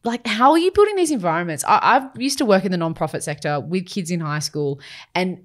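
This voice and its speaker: Woman, podcast host, lowish voice, affirming interviewer. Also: expressive, fairly quick. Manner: warm, affirming, asks follow-ups. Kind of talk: casual interview chat.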